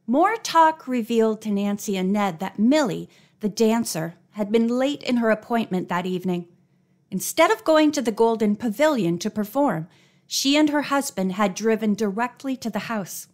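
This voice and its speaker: A woman reading a mystery novel aloud as an audiobook narrator, expressive and raising her pitch for dialogue. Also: normal speed. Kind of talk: scripted narration.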